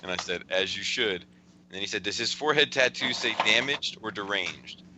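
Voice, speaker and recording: On a casual podcast, a male host chuckles as he rambles through a friend's text messages, often restarting his sentences. His voice sits fairly low and moves at a moderate pace over a noisy background.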